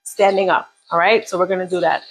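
A woman's voice: on the low side, fairly even intonation, a little fast, slightly rough, low-quality recording. A woman leading a live beginner workout, coaching casually and encouragingly while counting down reps. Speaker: fitness instructor.

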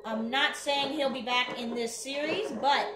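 A chatty woman with a slightly high voice, rambling through casual gameplay commentary at home. She talks freely to the game and to herself. Her voice echoes around the room while game music plays behind her. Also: measured pace. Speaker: gaming channel host.

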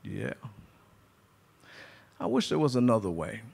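A man's voice: mid-range voice, wildly swooping pitch, unhurried, vocal fry, darkish tone. A man preaching a sermon as pastor, emphatic, calling out to his congregation. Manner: emphatic preaching, acting out quoted speech; calls to the congregation.

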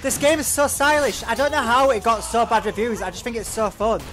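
A man hosting a let's play video, giving excitable commentary that swears often and talks to himself while he plays, wearing headphones at home. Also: very high voice, fairly quick. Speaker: gaming channel host. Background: game music.

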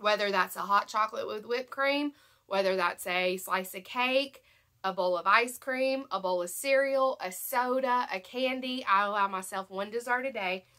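A young woman with a Southern American accent, congested from allergies, chatting excitedly and rambling through a shopping haul vlog. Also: medium pitch, normal speed. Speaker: haul vlogger. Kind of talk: casual chat to camera.

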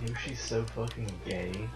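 A man's voice: fairly low pitch, steady tone, unhurried, reverberant, music in the background. A man bantering while playing a video game with friends, teasing and cracking jokes. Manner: teasing, wisecracking. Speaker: gaming commentator. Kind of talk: casual gaming banter.

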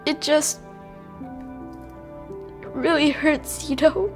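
An actress playing a shy teenage girl gamer who is hurt by a bully, speaking softly and hesitantly. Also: high-pitched, steady tone, extremely slow, over music. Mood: sad. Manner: soft, hesitant. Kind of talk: scripted drama acting.

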